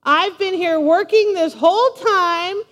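A woman's voice: extremely high pitch, slow pace, a bit bright, pitched above the performer's own voice, heavily acted. Whiny resentful older brother, put on by a woman preacher. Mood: whining. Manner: whining, self-pitying. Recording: long reverb of a large hall.

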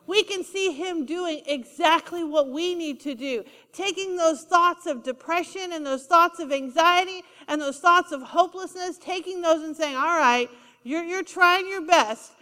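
Woman, sermon, high-pitched, emphatic repetition, long church reverb. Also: moderate pace, few pauses, pushed and bright. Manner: emphatic, repeats key lines, asks the congregation for responses. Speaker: preacher.

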